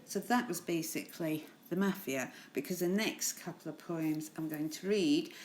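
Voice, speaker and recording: A woman's voice: sits low, moderate pace, darkish tone, a little hiss or hum. A woman teacher in a recorded lesson, reading poems aloud to her pupils and chatting about them in a friendly, encouraging way with frequent laughs. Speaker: primary school teacher.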